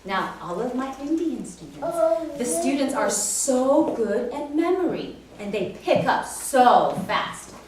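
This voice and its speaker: A woman piano teacher speaking to children and parents at a recital, telling animated stories and acting out her students. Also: sits high, takes it slowly, slight background noise. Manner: animated storytelling, acts out students. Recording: echoey room from far off.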